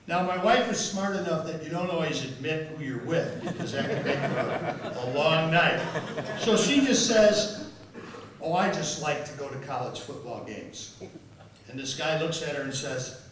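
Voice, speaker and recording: A man's voice: on the high side, animated, moderate pace, fairly bright tone, distant mic, a little hiss or hum. Older man telling stories in an echoey hall. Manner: storytelling, repeats words, self-amused. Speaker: guest speaker and football official. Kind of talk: after-dinner speech with anecdotes. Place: large members' dining room.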